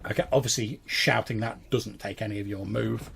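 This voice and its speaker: Gravelly-voiced game master. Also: male voice, on the low side, fairly even intonation, moderate pace, a bit bright, a little hiss or hum. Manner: descriptive, with filler words. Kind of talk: narrating a tabletop game.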